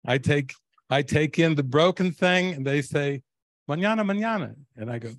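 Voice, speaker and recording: A man's voice: a little high, normal speed, no room sound. An older man, a spiritual teacher, telling stories to a live audience and laughing often. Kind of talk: storytelling talk to a live audience.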